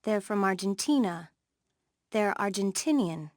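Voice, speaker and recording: A woman's voice: medium pitch, animated, darkish tone, no echo, clean studio sound. A woman reading vocabulary words and interview questions for a language course. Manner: clear, deliberate model pronunciation. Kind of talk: scripted textbook dialogue.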